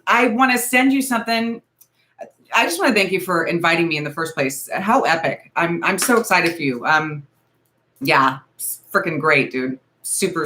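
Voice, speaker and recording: Bubbly woman hosting a livestream, bright and excitable, casual chatter. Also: mid-range voice. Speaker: livestream host.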